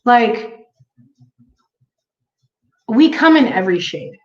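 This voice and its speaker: A woman's voice: on the high side, sing-song, slow pace. A woman chatting casually to her viewers in a rambling way, with lots of fillers and restarts. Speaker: vlogger. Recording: echoey room, dull lo-fi sound.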